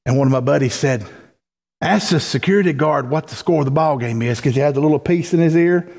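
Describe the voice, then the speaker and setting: Male pastor, folksy sermon delivery with emphatic swells, somewhat high voice, long church reverb. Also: fast, gravelly, darkish tone. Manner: folksy, rises to emphatic preaching peaks. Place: church sanctuary.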